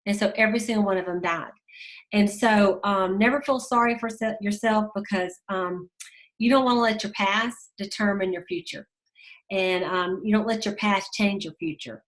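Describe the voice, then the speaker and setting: A woman's voice: medium pitch, moderate pace. A woman giving a casual motivational talk to her sales team, telling stories with many fillers and emphatic repeats.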